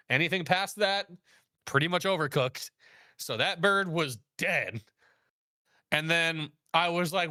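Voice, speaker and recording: A man who works as a chef, telling a story in casual chat, animated, laughing often and acting out quoted dialogue. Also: on the high side, no room sound, clean studio sound. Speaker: guest, chef.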